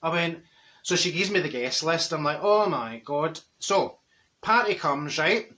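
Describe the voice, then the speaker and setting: Marjorie, a man playing a sharp-tongued Glasgow woman. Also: on the high side, lively intonation, measured pace. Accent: Glaswegian Scottish. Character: brash chatty middle-aged Glasgow woman. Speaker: comic character monologue. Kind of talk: comic storytelling to camera.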